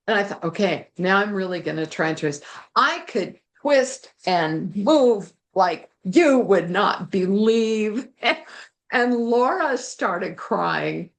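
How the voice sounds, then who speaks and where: A woman guest telling a personal story in an interview, animated and laughing now and then. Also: mid-range voice, slow.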